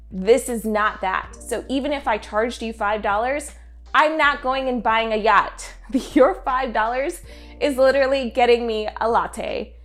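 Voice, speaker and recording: A woman hosting her own podcast, talking candidly and conversationally as a business consultant, often tossing in "right?" and light laughs. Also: a little high. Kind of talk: casual solo podcast monologue.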